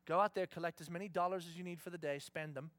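A man voicing a calm low-spoken God. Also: quick pace, no room sound, close to an everyday voice. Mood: reassuring. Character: calm patient male God, deity speaking kindly.

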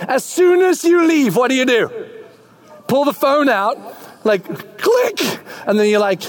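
A man preaching a sermon in an animated way, acting out little scenes with voices. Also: sits high, brisk. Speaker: pastor.

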